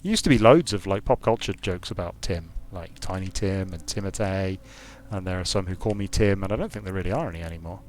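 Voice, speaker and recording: Deep-voiced and brisk, with few pauses, a British man streams a strategy game and gives loose, wandering commentary. He's a game designer, and he muses aloud as he plays.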